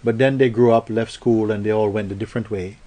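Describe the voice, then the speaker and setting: A man's voice: lowish voice, steady tone, fast, warm tone. A man giving a spiritual satsang talk, telling a story playfully and acting out quoted voices, with loose spoken grammar. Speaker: spiritual teacher.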